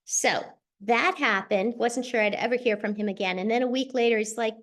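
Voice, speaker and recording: A middle-aged woman hosting a show, telling a personal story in a chatty, animated way over a video call. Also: on the high side. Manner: chatty, animated, quick asides. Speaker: host sharing a personal testimonial. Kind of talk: casual storytelling.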